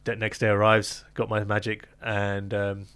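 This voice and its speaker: In a laid-back interview, a thirtysomething magician from London performs the quoted dialogue of others as he recounts stories, with lots of laughter. He speaks in a fairly low, smooth voice at a measured pace.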